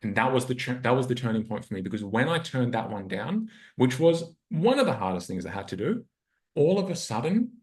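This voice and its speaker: A man's voice: mid-range voice, sing-song, a little fast. A man who is a relationship coach, telling a personal story in an earnest, reflective way and acting out his inner dialogue. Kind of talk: storytelling in a podcast interview. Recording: roomy echo.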